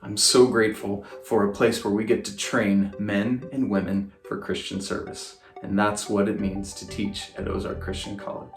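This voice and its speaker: A man's voice: on the low side, fairly even intonation, moderate pace, hardly any pauses, faint music behind. Earnest male professor in a roomy space. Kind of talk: testimony. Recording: roomy echo.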